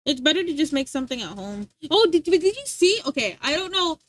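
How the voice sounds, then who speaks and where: High, animated American woman streamer. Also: no room sound. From United States. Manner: animated, rambling, quick to laugh. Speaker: livestreamer. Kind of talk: casual chat with viewers.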